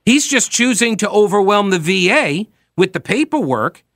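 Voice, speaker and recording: A man hosting a call-in talk radio show, talking in an animated, emphatic way with frequent restarts. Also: sits high, normal speed, no room sound, clean studio sound. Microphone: studio microphone.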